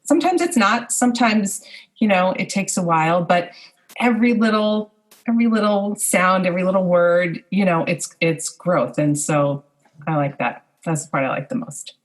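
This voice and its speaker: A middle-aged woman, a speech pathologist guest, talking in a casual podcast conversation in a thoughtful way, pausing with fillers and restarting her sentences. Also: fairly low pitch.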